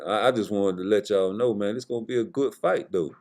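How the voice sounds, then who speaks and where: A man's voice: on the low side, a little fast, a little mellow. A man giving heated, profane boxing commentary in a casual rant, blunt and repeating points for emphasis.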